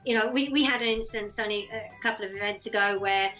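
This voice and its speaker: A woman's voice: mid-range voice, fast talker, sharp tone, muffled recording, soft background music. A woman event organiser chatting casually in an interview and telling stories from her events. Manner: chatty, anecdotal storyteller.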